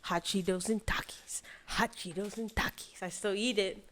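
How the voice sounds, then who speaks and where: A young woman co-hosts a podcast, chatting casually and laughing often. Her medium-pitched voice is steady and a bit bright at a moderate pace, with slight background noise.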